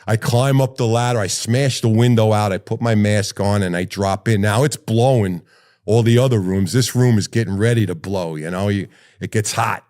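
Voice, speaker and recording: Middle-aged man with a low voice, telling war stories. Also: normal speed. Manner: animated storyteller who swears freely. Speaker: retired firefighter guest. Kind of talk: personal storytelling.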